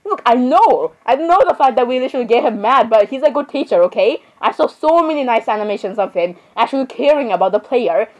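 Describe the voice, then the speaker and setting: Girl rambling over a game, kinda high voice, says sorry every few words. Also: a little mellow, rough recording. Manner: rambling, keeps saying sorry, giggly asides. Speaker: gameplay commentator. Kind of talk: casual game commentary.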